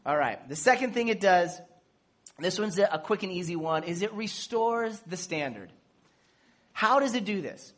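Animated preacher acting out dialogue. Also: mid-range voice, normal speed. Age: adult with children. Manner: animated, acts out quoted dialogue; jokes and laughs while teaching. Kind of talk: casual sermon.

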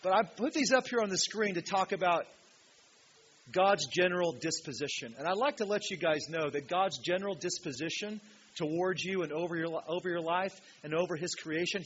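A male pastor preaching a sermon in a church, emphatic, swinging from loud, ringing peaks to quiet asides. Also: high-pitched, normal speed. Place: church hall with a projection screen. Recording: dull lo-fi sound with faint hiss.

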